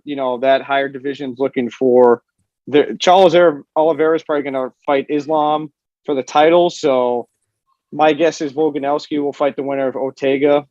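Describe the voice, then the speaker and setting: A man co-hosting a sports talk show, giving quick, opinionated fight analysis. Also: mid-range voice, a little mellow, dry recording, dull audio. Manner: opinionated, fast-talking analysis. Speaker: co-host. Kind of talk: casual sports chat.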